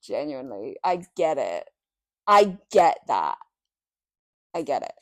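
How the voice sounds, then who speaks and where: A woman's voice: rumbling low, big pitch swings, takes it slowly, no room sound. A young woman co-hosting a podcast in casual chat, rambling with lots of "like" and frequent swearing. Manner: rambling, heavy on "like", swears freely. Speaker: podcast co-host.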